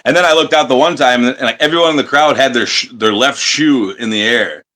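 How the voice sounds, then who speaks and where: A man's voice: medium pitch, brisk. Brash, profane man telling road stories. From United States. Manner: profane, animated storyteller who acts out crowd chants. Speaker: professional wrestler guest. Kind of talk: casual interview storytelling.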